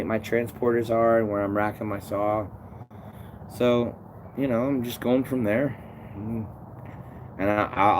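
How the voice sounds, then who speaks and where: Male streamer, casual and profane, stumbles through restarts; low-pitched, faint vehicle hum in background. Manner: rambling, swears a lot, restarts sentences. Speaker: tree climber streaming to viewers. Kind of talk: casual live-stream chat reading comments.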